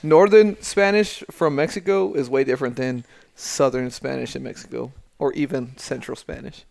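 A man's voice: medium pitch, normal speed, vocal fry, a little mellow. A man chatting casually as a podcast guest, joking and laughing often. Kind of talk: casual chat.

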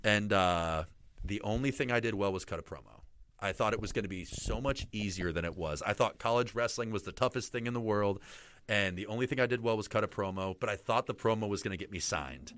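A man's voice: on the low side, fairly quick, a bit bright. A young man, a wrestler guest, telling stories in a casual, rambling way with many fillers. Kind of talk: casual storytelling interview.

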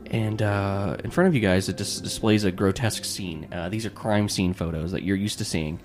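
A man's voice: sits low, normal speed, a little hiss or hum. A man narrating as game master in a casual way, with many fillers.

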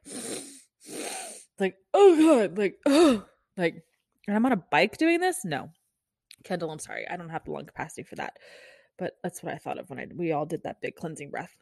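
A young woman hosting a solo podcast talks in a candid, rambling way, full of "like" and restarts. Her voice sits a little low for a woman. It is recorded close on a podcast mic in a dry room with no echo. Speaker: nurse and podcast host. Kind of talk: casual solo podcast talk. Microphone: podcast microphone.

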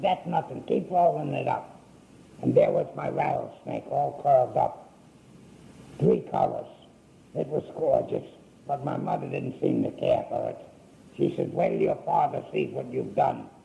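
A man's voice: mid-range voice, creaky, mellow, rough recording. An older man telling his life story in a folksy, rambling way, acting out what people said. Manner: folksy, unhurried, acts out quoted speech.

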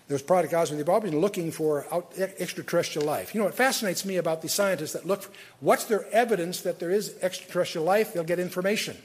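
A man's voice: fairly high pitch, slightly rough. An older man giving a conversational, digressive Bible study lecture, often restarting his sentences. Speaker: Bible teacher. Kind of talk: lecture-style Bible teaching.

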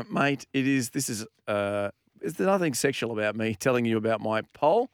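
A man's voice: mid-range voice, expressive, moderate pace, clear, resonant tone, dry recording. Easygoing Australian man on a podcast. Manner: easygoing, reads stats with jokey asides. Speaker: podcast co-host. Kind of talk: casual sports chat.

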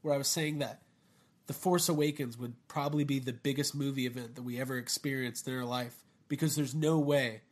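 Man, podcast host, casual chat, jokey, animated delivery. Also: mid-range voice, brisk. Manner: jokey, laughs at own jokes, animated.

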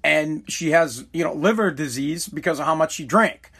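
A man's voice: a little high, normal speed, pushed and bright, husky. A man hosting his own podcast alone, rambling casually, swearing and correcting himself as he goes. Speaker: podcast host. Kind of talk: casual solo podcast rant. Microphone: streaming live mic.

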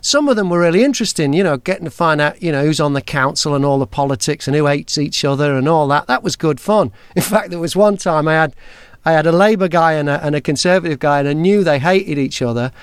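High-voiced chatty host. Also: male voice, fast, clear, resonant tone, dry recording. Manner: chatty, storytelling, jokey. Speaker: podcast host. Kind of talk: casual chat.

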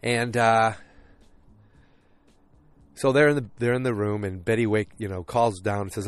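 A man's voice: lowish voice, fairly even intonation, unhurried, pauses often, clear, resonant tone. A man casually recapping a TV episode, rambling with lots of fillers and acting out the characters' lines. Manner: rambling, full of fillers, acts out quotes.

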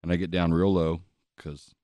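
A man's voice: low voice, flat delivery, normal speed, mellow, no echo. A man telling a long bar story in casual chat, profane and laughing often as he rambles.

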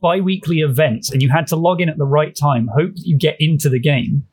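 Guy with a husky slightly high voice, chatty podcast talk, lots of ums and throat clearing. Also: brisk, a little mellow. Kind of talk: casual podcast chat.

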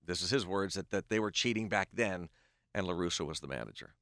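A man's voice: deep voice, fast talker, no echo, studio quality. A middle-aged man, a baseball play-by-play announcer, telling a long story on a podcast and acting out the quoted back-and-forth. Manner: animated storyteller who acts out quoted dialogue.

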